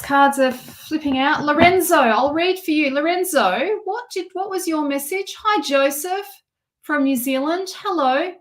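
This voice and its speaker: A woman with a somewhat high voice reads tarot cards live for her viewers. She is middle-aged and talks in a reassuring way, repeating phrases as she goes. Her sentences often break off and restart. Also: a bit bright. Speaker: tarot reader.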